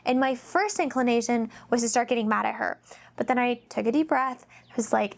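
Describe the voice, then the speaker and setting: Chatty, higher-voiced woman vlogger. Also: brisk, vocal fry. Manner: chatty, rambling storytelling with many fillers; animated, acts out quoted voices. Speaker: mom vlogger, host. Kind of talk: casual faith-based talk.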